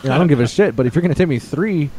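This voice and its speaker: A man's voice: on the high side, expressive, a little mellow, husky. A man in casual chat, bluntly complaining about bad tippers with plenty of swearing. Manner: blunt, fast, profane complaining. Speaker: pizza delivery driver.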